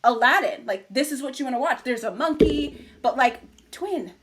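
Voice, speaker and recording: A woman's voice: high-pitched, normal speed. A young woman co-hosting a casual podcast, telling a story with lots of acted-out quotes. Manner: animated storytelling, acts out quotes. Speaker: podcast co-host. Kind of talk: casual chat.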